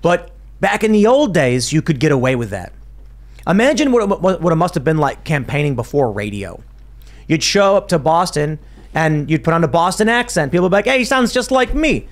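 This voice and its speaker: A man hosting a casual political talk show, with a fairly high voice. He rambles with restarts and slips into mimicry now and then. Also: sing-song, fairly quick. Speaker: podcast host.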